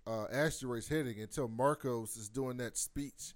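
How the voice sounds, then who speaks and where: Male podcast co-host, casual recap, mid-pitched voice, dry close sound, animated retelling. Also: moderate pace, no echo. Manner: animated storytelling, acts out quotes.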